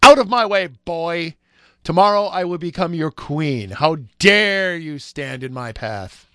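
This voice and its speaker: A man's voice: fairly high pitch, expressive, unhurried, pushed and bright, no echo, clean studio sound. A man reading a storybook aloud, voicing a proud, bad-tempered young woman with a haughty, scolding manner. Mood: scornful.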